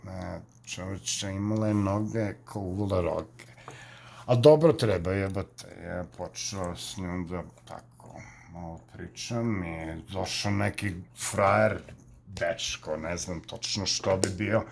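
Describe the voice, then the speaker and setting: A man's voice: low-pitched, fairly even intonation, measured pace, creaky, slight background noise. A man doing a cocky Belgrade street guy. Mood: swaggering. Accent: Belgrade Serbian. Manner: slangy, swaggering storytelling. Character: cocky stoned young Belgrade guy telling street story.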